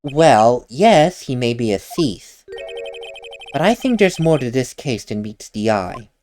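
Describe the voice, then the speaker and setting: Earnest young male defense lawyer, read plainly by a let's player, measured, lively intonation, faint game music. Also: medium pitch.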